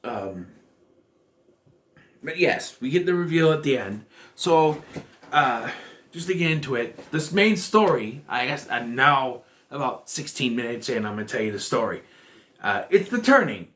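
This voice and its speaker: A man's voice: mid-range voice, very animated, measured pace, fairly bright tone. Man rambling through a show review. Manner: rambling, thinking aloud with frequent restarts. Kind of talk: casual spoken review.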